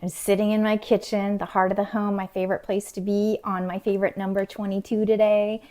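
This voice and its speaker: A middle-aged woman chatting casually to camera in her home kitchen, talking to herself and dropping into soft whispered asides. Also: medium pitch, little pitch movement, brisk. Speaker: vlogger.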